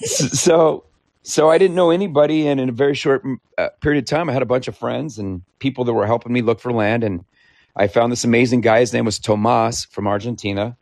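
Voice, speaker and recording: Chatty man from Idaho, mid pitch, dry close sound, an easy storyteller. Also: fairly quick, dry recording. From Idaho, United States. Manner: talkative, animated, laughs often. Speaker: interviewee, founder. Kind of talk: conversational storytelling.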